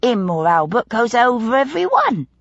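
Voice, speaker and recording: Brief: woman reading as a confiding young maid, raised pitch, broad dialect, husky dull recording. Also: big pitch swings, normal speed, fairly bright tone, exaggerated voice. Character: young gossipy female housemaid, eager and superstitious.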